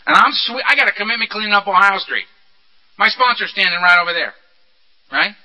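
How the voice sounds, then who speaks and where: High-voiced man giving a candid recovery talk. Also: fairly quick. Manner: candid, animated storytelling with rhetorical questions. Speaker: recovery meeting speaker. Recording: dull lo-fi recording.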